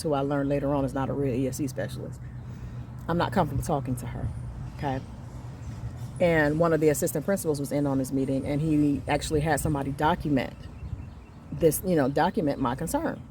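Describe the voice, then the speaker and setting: A woman in her thirties telling an angry story about her son's school, emphatic and reenacting the conversations, swinging between quiet and loud. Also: low voice, slight background noise. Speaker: mother venting on her channel. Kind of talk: heated storytelling rant.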